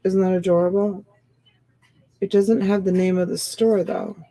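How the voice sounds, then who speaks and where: A woman's voice: mid-range voice, little pitch movement, moderate pace, warm tone, rough recording. A woman hosting a live-stream sale, chatting casually and rambling as she comments, sleepy and yawning.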